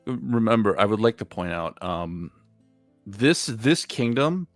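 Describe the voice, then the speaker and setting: A man playing a tabletop game who objects firmly and quickly. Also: on the low side, sing-song, no room sound, faint music behind. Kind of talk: casual chat.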